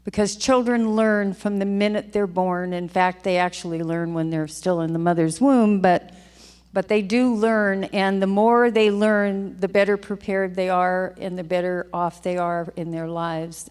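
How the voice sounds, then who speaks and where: A woman's voice: on the low side, fairly even intonation, measured pace, darkish tone, smooth. Older lady legislator giving a heartfelt speech, big echoey chamber. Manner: heartfelt, emotional, repeats phrases. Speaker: state legislator. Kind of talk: floor speech. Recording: long hall reverb.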